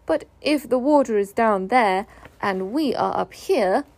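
A woman voicing a simple, slow-thinking male teddy bear who speaks in a puzzled, thoughtful way in a storybook reading. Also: on the high side, expressive, darkish tone. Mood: musing.

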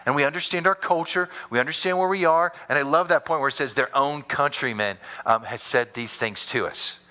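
Bright-voiced animated male pastor preaching. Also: brisk. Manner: animated storytelling preacher with sudden high-pitched bursts. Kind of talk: sermon.

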